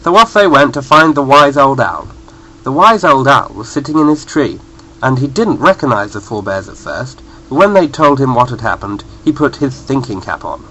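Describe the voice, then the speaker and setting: A man narrates a children's bedtime story with playful expression. His pitch moves lively through each line. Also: normal speed, a little hiss or hum, poor audio.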